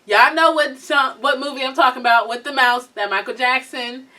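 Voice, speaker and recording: Giggly high-voiced woman co-host. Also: fairly even intonation, moderate pace, bright, forceful tone, recorded from a distance. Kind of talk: casual chat.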